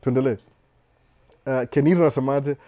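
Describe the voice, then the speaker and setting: A Kenyan man hosting a relaxed live Q&A from his den at home. He talks quickly, stumbling and restarting, and keeps asking if his listeners follow. His voice is mellow and warm. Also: medium pitch. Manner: chatty, repeats and restarts, asks "unaona?". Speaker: live-stream host. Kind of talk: casual live Q&A chat, code-switching. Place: indoor home den with a couch.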